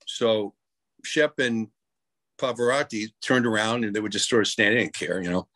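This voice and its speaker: A man's voice: fairly low pitch, normal speed, fairly bright tone, no echo. A man from New York telling rambling anecdotes with many restarts in a casual interview. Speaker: guest musician.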